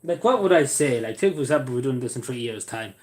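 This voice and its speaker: A man chatting casually on a live stream, rambling and joking, his voice often trailing off quietly at the ends of sentences. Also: mid-range voice, expressive, quick pace.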